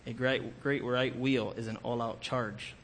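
A man's voice: mid-range voice, steady tone, measured pace, a bit bright, voice pushed down. A man voicing an old, hard-nosed sergeant who speaks bluntly. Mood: grim.

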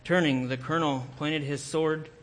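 A man's voice: fairly high pitch, fairly even intonation, moderate pace. A man telling a historical war story aloud in an earnest, dramatic way, sometimes correcting himself. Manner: earnest, with occasional self-corrections.

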